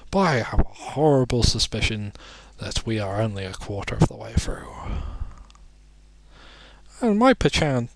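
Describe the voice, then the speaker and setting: A man's voice: lowish voice, gravelly, a little hiss or hum. A sleepy man commentating a video game, rambling and making self-deprecating jokes between muttered asides. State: sleepy, yawning. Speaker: let's play commentator.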